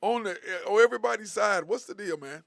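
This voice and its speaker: A man's voice: sits high, fast, creaky, crowd noise. A man hosting casual sports talk radio from a studio mic, teasing his co-hosts and chuckling often. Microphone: studio microphone.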